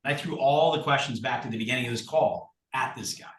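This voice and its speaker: A man guest in casual chat, telling stories in an animated, blunt and salty way. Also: mid-range voice, quick pace. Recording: roomy sound from far off the mic.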